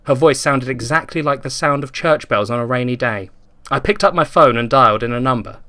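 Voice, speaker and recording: A man's voice: medium pitch, lively intonation, fairly quick, sharp tone. Dry man reading fan fiction. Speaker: podcast host.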